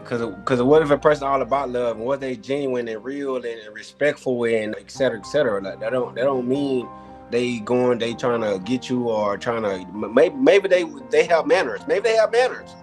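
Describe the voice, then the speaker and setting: A man's voice: mid-range voice, normal speed, faint music behind. A man arguing his point in a casual debate, emphatic and rambling, circling back over the same words. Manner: emphatic, rambling, repeats himself. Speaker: debate contestant.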